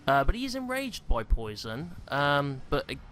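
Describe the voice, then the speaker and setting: A young gaming YouTuber gives casual gameplay commentary from a small, stuffy room at home, out of breath and rambling with plenty of "um" and "like." His voice is a little high and sing-song, at normal speed with a fairly bright tone. There's slight background noise.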